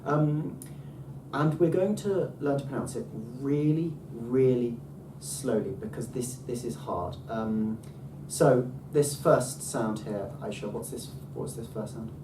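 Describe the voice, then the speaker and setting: A man teaching a casual language lesson with enthusiasm, often pausing on ums and restarting his sentences. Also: medium pitch. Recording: roomy, distant mic, faint background noise.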